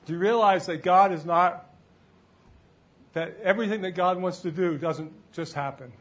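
A man with a fairly high voice delivers a relaxed, conversational sermon. He keeps tossing questions out to the congregation and waits for their answers. It sounds like a church service in front of a live crowd. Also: normal speed. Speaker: preacher.

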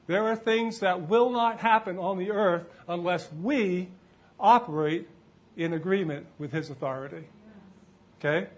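Higher-voiced man preaching a conversational sermon. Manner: conversational, quizzes the congregation with questions. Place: church before a live congregation.

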